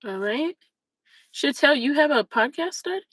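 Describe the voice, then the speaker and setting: A woman hosting a livestream, telling a story in a chatty, animated way full of fillers. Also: high voice, unhurried, no room sound, low-quality recording. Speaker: livestream host. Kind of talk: casual storytelling chat.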